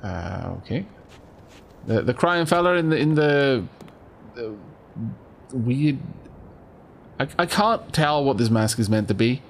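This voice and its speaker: A man's voice: mid-range voice, expressive, slow pace, gravelly, pauses often, slight background noise. A young man casually commentating a game, playful and self-deprecating, stammering through asides. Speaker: let's play host.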